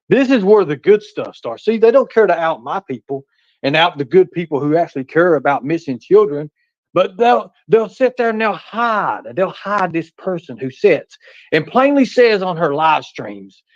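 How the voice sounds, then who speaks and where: Guy hosting a stream, cocky and menacing, cussing, slightly high voice, dull dry audio. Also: expressive, unhurried, no echo. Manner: boastful, menacing, swearing, folksy. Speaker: live stream host. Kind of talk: heated live stream talk.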